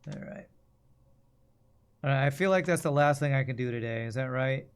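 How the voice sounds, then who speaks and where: American male streamer, mid-pitched, casual, muses aloud while playing. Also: moderate pace, clear, resonant tone. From United States. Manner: thinking aloud, rambling and musing. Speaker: streamer playing a video game. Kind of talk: casual gameplay commentary.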